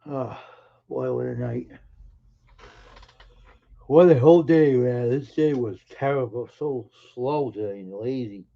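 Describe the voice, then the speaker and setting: A man of middle pitch hosts a live stream, greeting viewers by name in casual chat. He teases them in an offhand way, and the sound is dull and lo-fi. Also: measured pace, vocal fry, long pauses.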